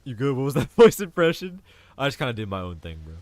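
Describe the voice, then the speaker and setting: Streaming a video game, this young man chats fast and profanely, says "bro" nonstop, and laughs a lot. His mid-range, sing-song voice has a darkish tone and no room sound. Game music is faintly audible underneath.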